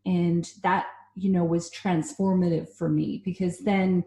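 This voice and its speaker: A woman in her thirties hosts a podcast interview and asks her questions in a thoughtful, measured way. Her voice sits low and mellow. It carries a roomy echo. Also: little pitch movement. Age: 30s. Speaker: podcast host. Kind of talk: casual interview chat.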